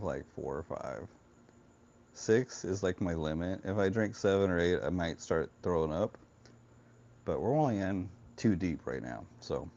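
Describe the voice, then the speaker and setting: Deep-voiced tipsy man, Southern California accent. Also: dark tone, highs cut off, a little hiss or hum. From Florida, US. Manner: loose, joking, chatty with viewers, laughs often. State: a few beers in, slightly tipsy. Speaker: live-stream futures trader. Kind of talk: casual live-stream chat.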